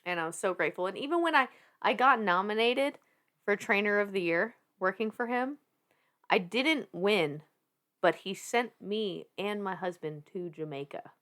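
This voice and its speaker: A woman in her thirties with a Southern twang tells her story on a podcast, her voice sitting at an ordinary middle pitch. She talks in an animated, loose way, laughing often and swearing without a second thought. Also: normal speed. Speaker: podcast guest.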